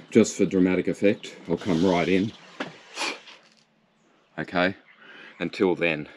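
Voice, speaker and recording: A man's voice: deep voice, steady tone, slow pace, pauses often, darkish tone, a little hiss or hum. An Australian man vlogging his bike ride outdoors, with jokey, upbeat commentary to the camera full of local slang. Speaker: cycling vlogger. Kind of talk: chatty running commentary while riding. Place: outdoors on a bike ride through a national park. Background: background music.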